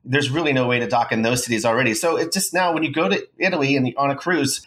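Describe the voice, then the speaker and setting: A man who is a travel editor and a regular on the show, talking in a chatty, opinionated way with quick asides. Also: medium pitch, a bit bright. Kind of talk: casual studio chat.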